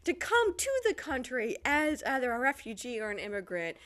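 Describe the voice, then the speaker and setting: An American woman talking in a relaxed podcast chat. Her voice sits high and swings widely up and down as she tells the story, leaning on fillers and quick asides. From United States. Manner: animated storytelling, lots of fillers. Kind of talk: casual chat.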